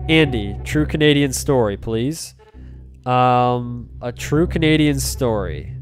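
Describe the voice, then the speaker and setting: A man's voice: mid-range voice, expressive, takes it slowly. Rambling, joking male game streamer. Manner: rambling, joking, tells tall tales, reads chat aloud. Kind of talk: casual livestream chat while playing. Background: game music.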